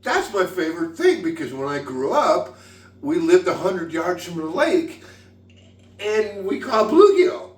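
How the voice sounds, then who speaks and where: A man's voice: high voice, sing-song, unhurried, roomy sound, recorded from a distance. A tipsy man hosting a casual cooking vlog in his home kitchen, rambling, giggling and swearing freely as he cooks. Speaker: home cook, vlog host.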